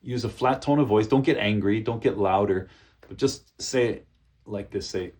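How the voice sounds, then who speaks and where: A man teaching business English in a casual talk to camera. He checks in often with "okay?" and "you know", and calmly demonstrates useful phrases. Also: fairly low pitch, moderate pace. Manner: demonstrates phrases in a calm, friendly voice. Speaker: English coach.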